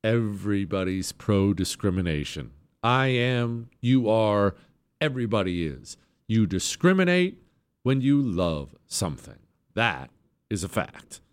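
A man's voice: on the low side, animated, unhurried, clean tone. A man hosting a political talk radio show, delivering an emphatic, sarcastic monologue. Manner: emphatic, sarcastic, mocks opponents with put-on voices.

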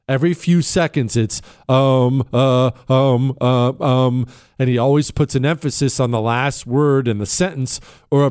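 A man's voice: mid-range voice, a little mellow, smooth. A man hosting a talk show, delivering an opinionated, emphatic monologue that rambles with plenty of fillers.

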